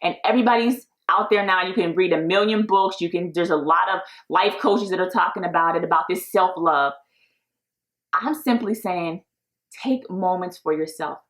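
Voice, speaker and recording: A woman's voice: on the low side, moderate pace, a bit bright. A woman in her thirties hosting a podcast, talking casually in an upbeat, encouraging way and laughing often. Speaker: podcast host. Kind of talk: casual solo podcast talk.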